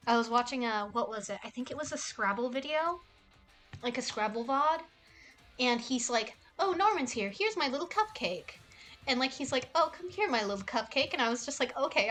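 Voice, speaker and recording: A woman's voice: fairly high pitch, a bit bright. A young woman streaming casually, rambling and cooing affectionately at cats in a game. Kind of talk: casual livestream chat.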